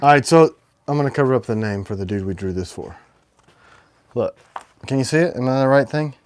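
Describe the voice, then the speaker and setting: A man's voice: medium pitch, lively intonation, fairly quick. A man hosting a casual livestream as a knife maker, rambling and self-deprecating.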